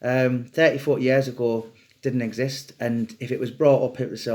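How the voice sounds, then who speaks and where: A man's voice: medium pitch, steady tone, fairly quick, a little mellow. A middle-aged man, an author, talking in a casual interview with many restarts and fillers. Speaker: author discussing a book subject.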